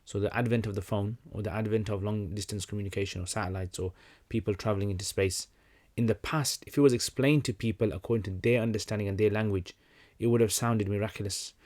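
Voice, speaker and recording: Brief: young man, low-pitched voice, loose livestream chat, lots of ums and restarts. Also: fast, few pauses. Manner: relaxed, conversational, many fillers and restarts. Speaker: livestream host answering questions. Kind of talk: casual livestream Q&A.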